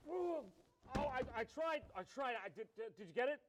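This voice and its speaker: A man's voice: extremely high pitch, sing-song, a little fast, background noise, pitched above the performer's own voice. A man voicing a frantic, bewildered man lost in the city, who stammers and rambles in a panic.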